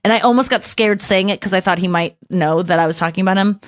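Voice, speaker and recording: A woman's voice: medium pitch, fast talker, no echo, clean studio sound. A woman hosting a podcast, chatting casually and telling stories with gushing enthusiasm. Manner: animated, gushing storyteller. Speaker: podcast host. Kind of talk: casual chat.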